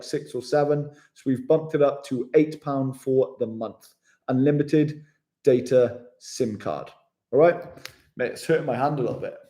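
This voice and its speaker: Travel vlogger guy, chatty and matey, reading chat on a live stream, slightly high pitch. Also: warm tone. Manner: chatty, matey, reads out viewer comments.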